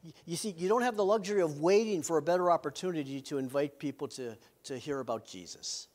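A man's voice: a little high, fast talker, darkish tone. A middle-aged man, a pastor, preaching a sermon in an earnest way with self-deprecating humor.

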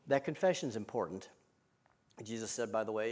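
A male pastor delivering a sermon in a rhythmic, repetitive cadence, moving between loud emphatic lines and hushed, intimate ones. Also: medium pitch, animated, moderate pace.

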